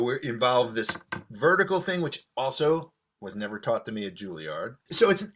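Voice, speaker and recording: Bright-voiced man explaining music enthusiastically. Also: mid-range voice. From United States. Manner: enthusiastic, sings rhythms aloud while teaching. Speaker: violinist and guest. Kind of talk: casual explanatory talk with demonstrations. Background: violin playing.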